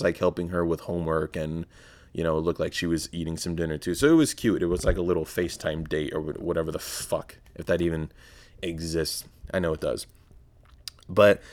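A young man with a low voice hosts a casual solo podcast, recorded with no echo. He rambles, drops sarcastic asides, swears frequently and corrects himself.

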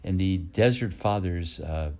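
A very low-voiced man, a priest speaking a homily for a podcast. He talks gently and reflectively, pausing and repeating phrases as he thinks. He sounds middle-aged. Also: vocal fry. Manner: gentle, reflective, with pauses and repetitions.

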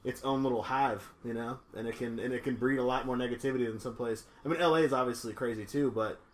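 A man, co-hosting a podcast in casual chat, talking quickly with lots of fillers and "you know what I mean". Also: medium pitch, steady tone. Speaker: podcast co-host.

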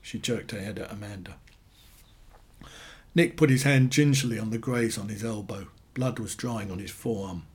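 Husky male storyteller, deadpan. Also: lowish voice, normal speed. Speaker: narrator. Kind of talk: reading short stories aloud.

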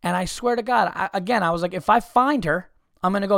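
A man hosting a podcast, telling stories in a profane, animated comedic rant with frequent restarts. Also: high-pitched, brisk, gravelly, no echo, clean studio sound. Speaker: podcast host.

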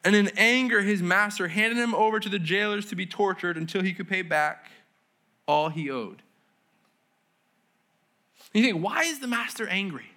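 Pastor, male, high and bright voice, casual conversational sermon, slangy, checks in with the room. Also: lively intonation, normal speed, pauses often. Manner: casual, conversational preaching with slang and audience questions. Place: church service.

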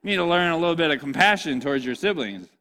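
A man's voice: on the high side, expressive, fast talker, sharp tone. A young man preaching a sermon in a playful, joking way, often asking the audience questions. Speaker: pastor.

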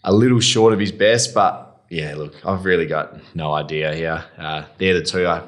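A man, co-hosting a racing podcast in relaxed, offhand casual chat. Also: low voice, moderate pace.

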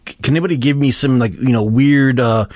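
A man's voice: mid-range voice, quick pace, a little mellow, no room sound. Hesitant man, dry sound. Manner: hesitant, filler-heavy, prompting questions. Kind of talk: casual political chat.

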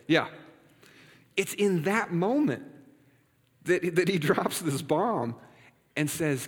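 A man's voice: on the high side, animated, slow, long pauses, husky. A male pastor preaching a sermon in a conversational, playful way, often checking in with the congregation. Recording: reverberant hall.

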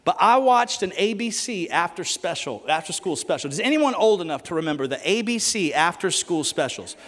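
A man preaching a sermon in church, animated and joking as he tells stories and asks the crowd questions. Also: sits high, fairly quick, in a large hall.

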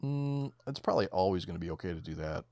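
A man's voice: sits low, lively intonation, fast talker, warm tone, dry recording. A man co-hosting a casual movie commentary, talking in a laid-back, profane way and often trailing off mid-thought. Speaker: podcast co-host.

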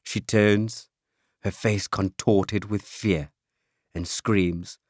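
A man reading an audiobook aloud, telling the story in first person with lively timing. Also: fairly low pitch, drawn-out words, no room sound, clean studio sound. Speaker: audiobook narrator. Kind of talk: scripted audiobook narration.

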